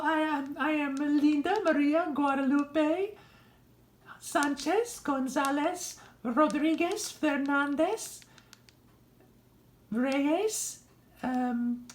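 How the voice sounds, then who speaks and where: A flustered, eager woman visitor rambles in a high, bright voice, as a woman puts her on. The line is recorded in an echoey room for a hobby voice drama. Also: slow, a little hiss or hum. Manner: eager, rambling with long name lists.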